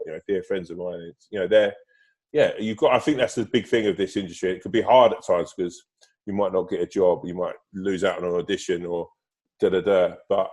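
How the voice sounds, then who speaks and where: A man's voice: low voice, fairly even intonation, fairly quick, darkish tone. A man chatting casually as a podcast guest, full of fillers and swearing, on a remote call that drops out. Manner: swears freely, many fillers and restarts; bursts into laughter telling stories.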